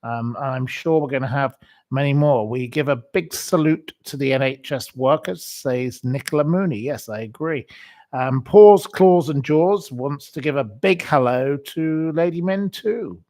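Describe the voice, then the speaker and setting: Man, livestream host, casual solo chat, opinionated, rambling, halting restarts, mid pitch. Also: a little mellow. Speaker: livestream host reading viewer comments.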